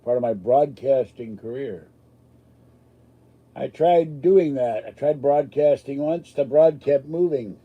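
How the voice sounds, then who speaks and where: A man's voice: mid-range voice, slow pace, narrow, tinny audio. A man hosting a live stream, chatting casually with a rambling, self-deprecating, joking manner. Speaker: livestream host answering chat.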